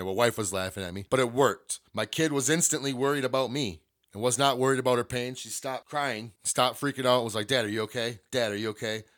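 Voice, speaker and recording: A man's voice: lowish voice, a bit bright. A middle-aged man hosting a solo podcast, telling a personal story in a blunt, candid way with lots of swearing. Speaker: podcast host.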